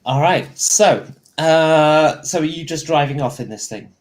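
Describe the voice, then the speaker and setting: A man's voice: fairly high pitch, measured pace. A man running a tabletop game as game master, narrating in a loose, rambling way with plenty of fillers.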